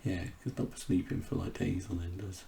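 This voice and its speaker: A man being interviewed, talking candidly and haltingly with many restarts. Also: sits low, level tone, vocal fry, background noise. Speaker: interview guest. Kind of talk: candid conversation.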